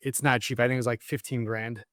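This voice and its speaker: A man's voice: mid-range voice, flat delivery, fairly quick, a bit bright, dry recording. Guy guesting on a podcast, earnest, emphatic, dry close sound. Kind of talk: casual chat.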